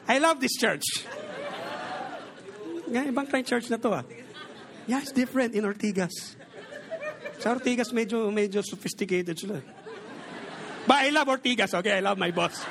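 Joking Filipino pastor with a high, gravelly voice. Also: male voice, moderate pace, a bit bright, some chatter behind. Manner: joking, mixes Tagalog and English. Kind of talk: sermon.

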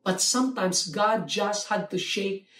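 A preacher giving a measured sermon, slowing down to read scripture verses aloud. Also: mid-range voice, a bit bright, slight background noise. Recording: roomy echo, mic at a distance.

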